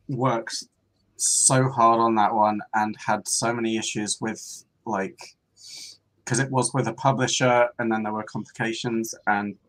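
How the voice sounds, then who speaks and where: A hesitant male guest artist who speaks slowly, filling pauses with ums. His voice sits in a middle register, and he coughs now and then as he chats casually about his work. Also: medium pitch, rough recording. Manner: hesitant, many ums, soft-spoken. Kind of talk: casual chat.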